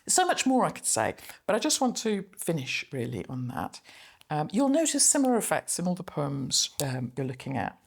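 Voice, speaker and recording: A middle-aged woman lecturer talking through a poem reflectively, reading its German lines slowly aloud. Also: low-pitched, wildly swooping pitch, vocal fry, breathy edge. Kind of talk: spoken poetry analysis lecture.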